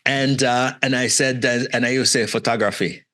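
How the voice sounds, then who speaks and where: A man's voice: mid-range voice, normal speed. A middle-aged man from Jamaica, a guest entrepreneur, telling stories in a casual interview and acting out other people's voices. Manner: animated, acts out quoted voices, frequent "right?" and "man".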